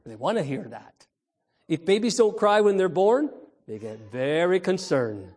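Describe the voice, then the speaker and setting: Slow, lively high-voiced male preacher. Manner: emphatic preacher, calls out to the congregation; storytelling, imitates baby cries. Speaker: pastor. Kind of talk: Sunday sermon addressed to children.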